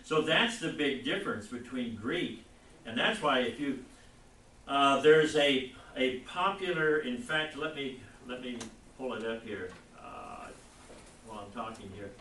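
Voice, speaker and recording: A man teaching a Bible class, lecturing in a rambling, halting way and putting questions to the class. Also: medium pitch, very animated, bright, forceful tone, slight background noise. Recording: echoey classroom recorded from far off.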